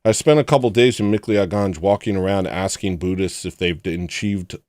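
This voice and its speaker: A man with a very low voice tells a rambling personal story on a livestream. He talks casually and acts out the people in it with sudden loud put-on voices. The sound is close and dry, with no room around it. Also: moderate pace, no room sound. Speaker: livestream host.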